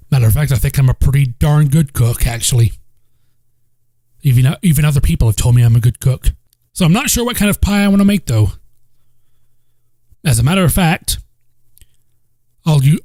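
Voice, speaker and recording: A man's voice: a little high, a little mellow, no room sound. A man with a Southern accent, hosting a solo podcast in a blunt, profane, rambling way that repeats itself. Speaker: podcast host. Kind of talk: casual solo podcast talk. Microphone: home microphone.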